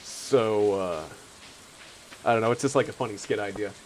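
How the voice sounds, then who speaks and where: A man's voice: lowish voice, normal speed, slight background noise, low-quality recording. A young man streaming a game, chatting casually, rambling and laughing often. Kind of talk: casual chat while playing a game.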